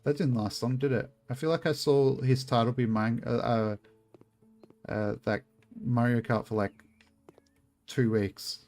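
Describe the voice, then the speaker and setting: A man's voice: medium pitch, steady tone, normal speed, a little mellow. Guy streaming a game, rambly and sweary, faint music behind him. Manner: chatty, swears a lot, rambling asides to chat. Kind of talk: casual gameplay streaming chat.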